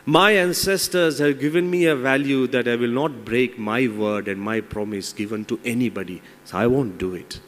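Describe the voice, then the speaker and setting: A principled male monkey from a spoken fable refuses firmly, in a man's storytelling voice. The pitch stays at an everyday middle level. The words ring out with a long hall reverb. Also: normal speed, hardly any pauses, lightly acted. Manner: firm, indignant.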